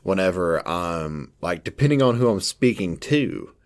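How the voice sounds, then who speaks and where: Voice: low voice, animated, measured pace. A podcast co-host with a Southern US accent who chats casually in a laid-back way and says "like" a lot.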